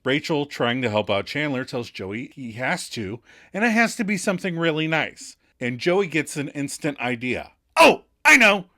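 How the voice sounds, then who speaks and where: A man co-hosting a podcast recaps a sitcom episode in casual, playful chat. His pitch rises and dips freely as he narrates. He slips into quick mock voices for the characters. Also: expressive, a bit bright. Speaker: podcast co-host.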